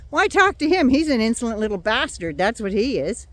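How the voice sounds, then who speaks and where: An older woman vents in a casual, blunt monologue, sarcastic and quick to swear. Her pitch swings widely as she talks. She has a runny nose from a cold. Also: sing-song, no room sound. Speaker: vlogger. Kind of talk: casual political rant.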